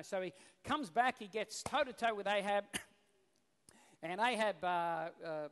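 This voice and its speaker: Guy preaching a sermon, animated and chatty, voice sits high, echoey hall. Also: measured pace, pauses often. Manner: animated, casual storytelling. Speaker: pastor. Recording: long reverb in a hall.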